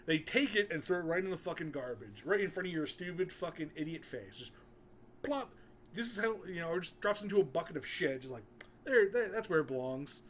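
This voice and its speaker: A man's voice: fairly high pitch, lively intonation, a little fast, a little hiss or hum. A man giving an angry, profane rant in a video commentary, swearing constantly.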